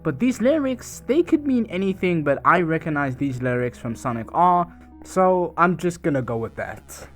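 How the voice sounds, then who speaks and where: A man's voice: a little high, very animated, normal speed, a bit bright, soft background music. A man casually retelling a video game's story, chatting loosely and narrating each scene. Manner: loose, chatty retelling with many "and she goes" asides. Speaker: gaming channel narrator.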